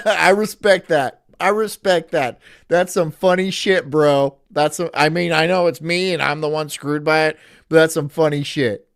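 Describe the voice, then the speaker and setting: A man's voice: fairly high pitch, steady tone, a little slow, clear, resonant tone. A man streaming in casual chat, ranting in an incredulous, profane way.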